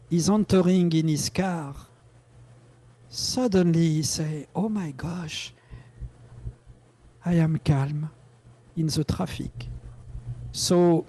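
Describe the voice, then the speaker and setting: Slow, gravelly French-accented man teaching. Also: sits high, dark tone. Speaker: meditation teacher. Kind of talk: live online class. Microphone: video call.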